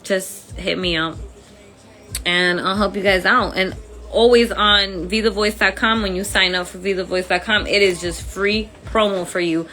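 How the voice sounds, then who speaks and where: A woman's voice: medium pitch, fairly even intonation, normal speed, bright, forceful tone, faint music behind. A woman with an accent hosting a casual phone livestream, chatty and friendly, using informal slang. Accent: accented English. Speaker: livestream host.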